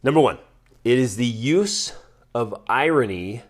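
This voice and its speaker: A man hosting a podcast, talking earnestly and directly to listeners, with lively swings from loud emphasis down to hushed, near-whispered words and many rhetorical questions. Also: medium pitch, normal speed. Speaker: podcast host. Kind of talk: heartfelt casual talk to listeners.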